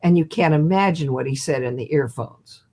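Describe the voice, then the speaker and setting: An older woman in her seventies, a hypnotist guest, telling an animated story over a video call. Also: low voice, normal speed. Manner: lively storyteller who acts out quotes and laughs.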